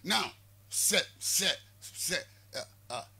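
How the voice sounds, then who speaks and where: A Ghanaian prophet being interviewed on the radio, a man with a Ghanaian accent who talks forcefully and repeats words to press his point. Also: high-pitched, animated, slow, gravelly, a little hiss or hum. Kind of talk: radio interview in Twi mixed with English.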